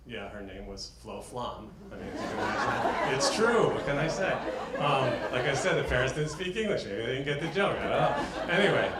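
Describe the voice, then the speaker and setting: A man's voice: medium pitch, fairly bright tone, slight background noise. Chatty man telling stories in a roomy hall. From New York. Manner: chatty, self-deprecating humor. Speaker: talk speaker. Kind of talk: personal storytelling talk. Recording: roomy echo.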